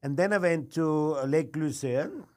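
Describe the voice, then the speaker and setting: A man's voice: a little high, animated, unhurried. A man in his sixties from Austria, speaking with an Austrian accent and recounting his chef career in short, clipped phrases. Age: 60s. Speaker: chef and restaurant owner. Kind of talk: interview answers.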